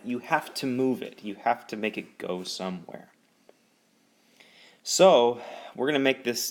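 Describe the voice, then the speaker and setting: A man teaching physics in a whiteboard lecture, explaining with lively emphasis and sudden jumps in pitch. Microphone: voice-over recording.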